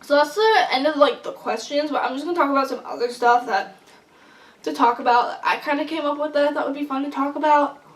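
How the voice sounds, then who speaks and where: A young woman vlogger telling a long story in casual chat, rambling and excitable with lots of fillers. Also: high-pitched, fast. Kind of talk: casual storytelling while eating. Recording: echoey room, mic at a distance.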